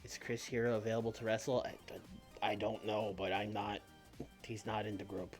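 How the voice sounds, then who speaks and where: A man's voice: on the low side, level tone, fairly quick, soft background music. A young adult man streaming, chatting playfully about a wrestling booking game. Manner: playful, storytelling. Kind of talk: casual game commentary.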